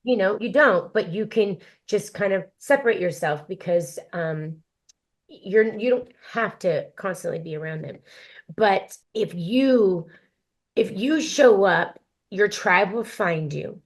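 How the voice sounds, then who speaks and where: A woman being interviewed on a podcast, a singer speaking in a reflective, heartfelt way with frequent pauses to think. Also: medium pitch. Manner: reflective, many um fillers, heartfelt. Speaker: guest, country singer.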